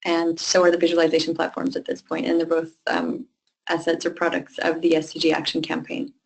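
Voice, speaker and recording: A woman's voice: low voice, monotone, brisk, vocal fry, husky, low-quality recording. A woman on the organizing team of a webinar, explaining and reassuring partners in a casual way with frequent ums. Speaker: webinar co-host for the campaign team.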